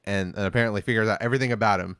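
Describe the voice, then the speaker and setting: This review podcast co-host talks rapid-fire in a fairly low, clear and resonant voice, with studio-quality audio and no room sound. Recapping the episode's plot casually, he wanders, leans on fillers and reads out characters' lines flatly.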